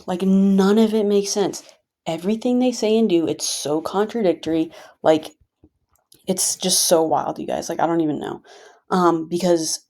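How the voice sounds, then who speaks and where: A woman's voice: lowish voice, mellow. A woman vlogger venting casually to her viewers, frustrated and rambling with many fillers.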